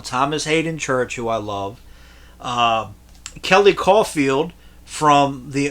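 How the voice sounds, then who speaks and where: A man's voice: medium pitch, sharp tone. A man in his thirties rambling through his movie collection in a casual, crude, profane way, laughing at his own jokes.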